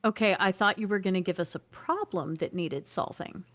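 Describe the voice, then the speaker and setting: A woman playing a character in a tabletop game, speaking earnestly and pausing on fillers as she works things out. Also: fairly low pitch, fairly bright tone. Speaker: player. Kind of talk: in-character tabletop role-play.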